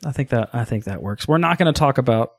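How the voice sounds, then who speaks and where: A man's voice: medium pitch, expressive, fast. A man hosting a casual podcast, joking and laughing often as he chats with his co-hosts. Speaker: podcast host. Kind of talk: casual chat.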